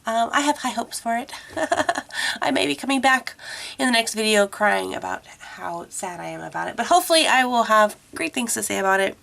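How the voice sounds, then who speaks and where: A woman's voice: on the high side, lively intonation, normal speed, vocal fry, fairly bright tone. A young woman with a cold and a congested, nasal voice, chatting casually in a voiceover for an art tutorial. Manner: chatty and apologetic, with fillers. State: stuffed up from a cold. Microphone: voiceover mic.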